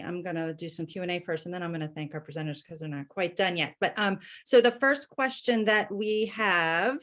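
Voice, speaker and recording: A woman moderating an online education webinar over a video call, casual and full of fillers. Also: medium pitch.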